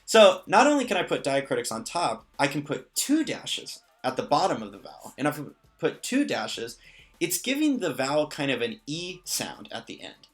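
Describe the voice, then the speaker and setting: A man's voice: fairly high pitch, huge pitch swings, normal speed, faint music behind. A man explaining pronunciation in a casual lesson, patient and lightly joking. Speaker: language teacher.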